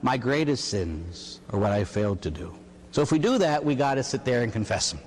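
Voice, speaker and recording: A middle-aged man, a priest, preaches a homily in a voice of ordinary pitch. He tells lively stories and slips into the voices of nervous penitents, tossing in a questioning "huh?". His words ring with the long reverb of a large hall. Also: a little fast, husky. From Pittsburgh area, US. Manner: animated storytelling, acts out penitents and God with rhetorical "huh?". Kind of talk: homily on confession.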